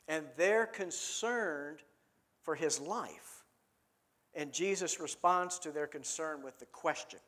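A man's voice: fairly high pitch, unhurried, fairly bright tone. A man preaching a sermon in a conversational way, often asking his listeners questions and repeating words as he thinks aloud.

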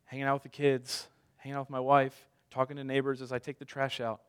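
A man's voice: mid-range voice, completely flat delivery, fast, clear, resonant tone. A man in his thirties preaching a sermon as a pastor, conversational, telling stories with self-deprecating humor.

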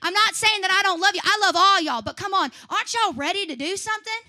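A woman in her twenties from Southeast Missouri, USA, with a twang, preaches a Pentecostal sermon at a youth service. Her very high voice is quick, pushed and bright, and her delivery is fiery, urgent and repetitive, full of emphatic rising appeals.

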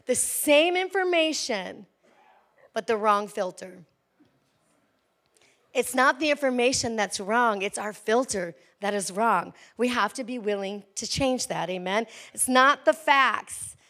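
A woman pastor in her forties preaching an energetic, conversational sermon with frequent call-outs to the congregation. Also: fairly high pitch, a little slow.

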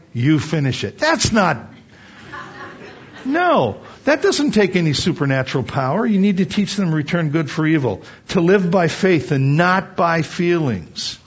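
An older man preaching a sermon on parenting in a conversational, animated way that rises to excited emphasis. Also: a little high, breathy edge. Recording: dull lo-fi recording.

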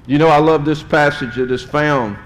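A middle-aged man preaching a sermon to his congregation, speaking emphatically and swelling louder and higher on key points. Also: normal speed, slight background noise. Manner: addresses the congregation directly. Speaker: pastor. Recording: long hall reverb.

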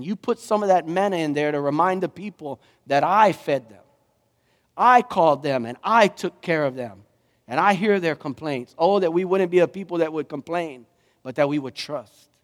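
Man, pastor, high-pitched, emphatic sermon, reverberant sanctuary. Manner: animated preaching, rising to emphatic questions.

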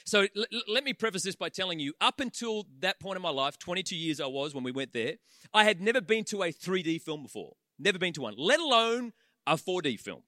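A man around forty preaching a sermon in a large auditorium, an animated storyteller who throws quick humorous asides to his audience. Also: high-pitched, no echo, clean studio sound. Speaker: pastor.

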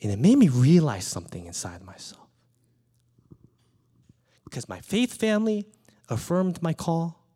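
A pastor delivering a sermon, a man in his thirties who tells stories from his own life. His pitch swoops and rises as he talks. He keeps an animated, playful storytelling manner. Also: unhurried, pauses often, slightly rough. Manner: animated storytelling, acts out his small daughter's lines.

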